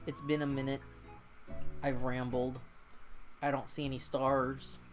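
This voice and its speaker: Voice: medium pitch, flat delivery, a little slow, faint music behind. An exhausted, yawning streamer in casual game-stream chat, ranting and swearing with exasperation.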